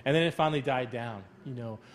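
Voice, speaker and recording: A man's voice: mid-range voice, fast talker. A middle-aged man, a school counselor, talking casually on a panel, rambling and repeating words as he reassures parents.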